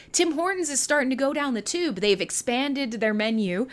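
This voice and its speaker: A woman livestream host from Canada talking in a loose, rambling way, full of giggles and swearing. Her voice sits fairly high and swings widely in pitch. Her tone is bright and crisp, and she sounds tired and a bit high. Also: animated, a little fast, hardly any pauses. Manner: rambling, giggly, profane, self-mocking. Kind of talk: casual livestream chat.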